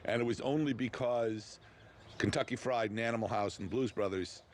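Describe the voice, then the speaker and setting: A man's voice: mid-range voice, moderate pace, slight background noise. A man, a film director, speaking in a wry, laughing way in a documentary interview.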